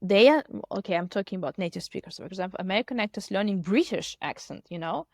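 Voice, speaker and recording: A woman's voice: mid-range voice, fast talker, no room sound. Chatty woman, dry sound. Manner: animated, talkative, lots of "like" fillers. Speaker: podcast co-host and English teacher. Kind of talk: casual podcast chat.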